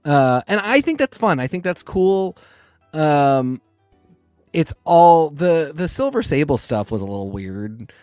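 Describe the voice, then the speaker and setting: A man's voice: on the high side, unhurried, clear, resonant tone, dry recording, faint music behind. Chatty man on a dry close mic. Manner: rambling, restarts mid-sentence, animated. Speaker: podcast co-host. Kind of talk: casual chat about comics.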